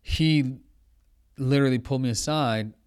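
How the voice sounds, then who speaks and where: A young man, a podcast guest, telling a story in casual chat, animated and acting out what others said. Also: medium pitch, normal speed, smooth. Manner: animated, quotes others, says blah blah.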